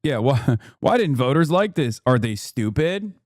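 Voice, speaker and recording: A man hosting a live stream, reacting to political clips with loud, profane, mocking commentary that swings into shouting. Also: medium pitch, big pitch swings, a little slow, soft background music.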